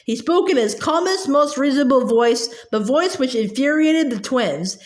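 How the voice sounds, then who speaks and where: A woman's voice: high-pitched, animated, normal speed, echoey room. A woman reading a novel aloud, stumbling and restarting now and then and raising her voice for the characters' lines. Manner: reads with small slips and restarts, lifting her voice for dialogue. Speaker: reader.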